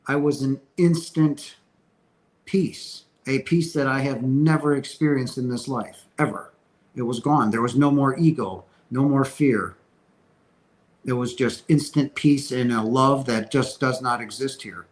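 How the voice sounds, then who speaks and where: A man's voice: medium pitch, fairly even intonation, measured pace, low-quality recording. Earnest man answering viewer questions. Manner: earnest, emphatic spiritual talk with many restarts. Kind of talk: casual Q&A livestream.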